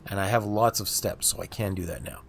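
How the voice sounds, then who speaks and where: A man's voice: low-pitched, steady tone, a little fast, vocal fry, a little hiss or hum. A man streaming a video game, chatting casually and musing aloud while he plays. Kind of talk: casual gameplay livestream chat.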